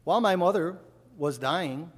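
Male preacher from upstate New York, folksy sermon storyteller with fervent peaks, slightly high voice, long hall reverb. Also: moderate pace, breathy edge.

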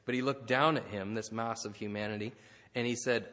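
A man preaching a sermon, chatty and full of "right?" asides. His voice is bright and forceful, with long reverb from a large hall. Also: mid-range voice, fairly even intonation, moderate pace. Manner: conversational, many asides and "right?" tags. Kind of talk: sermon with storytelling.

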